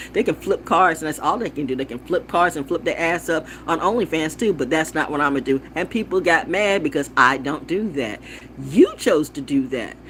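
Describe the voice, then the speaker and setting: Woman vlogger, loose profane monologue, very expressive pitch, playful word repetition. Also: slight background noise. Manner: blunt, profane and wandering; repeats words playfully. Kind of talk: casual rambling monologue.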